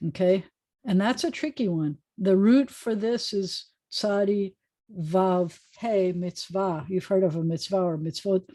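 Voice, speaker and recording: A woman rabbi teaching an informal online Hebrew class over a video call, chatty and joking as she sounds out words slowly. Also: medium pitch, warm tone, dry recording.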